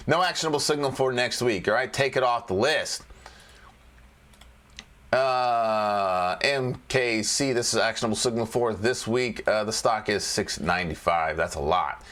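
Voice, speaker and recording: A man's voice: medium pitch, a little slow, fairly bright tone. A man casually walking through stock charts as a trading educator, joking and repeating phrases as he goes.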